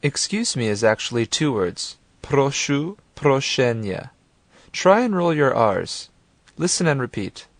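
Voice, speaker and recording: This language course narrator reads a scripted lesson calmly and clearly, taking the listener through it step by step at a moderate pace. His voice sits mid-range, and the recording is dry and close with no room sound.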